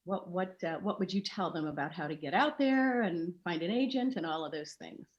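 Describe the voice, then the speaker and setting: Lady host asking questions, encouraging, lowish voice. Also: expressive, moderate pace, lo-fi sound. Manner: encouraging, frequent short affirmations. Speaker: show host. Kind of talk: interview host.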